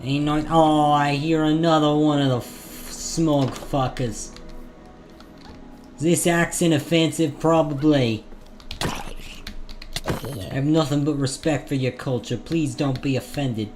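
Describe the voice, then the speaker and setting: A man voicing a grumpy landowner chasing off intruders in a blustering, put-on rough accent. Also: on the high side, steady tone, slow, pauses often, darkish tone, voice pushed up. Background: game music.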